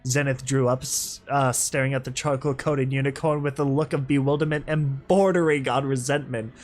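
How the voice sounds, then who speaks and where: Young man reading fanfic with excited asides. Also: fairly high pitch, moderate pace, few pauses, soft background music. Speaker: reader and commentator. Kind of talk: audiobook reading with commentary.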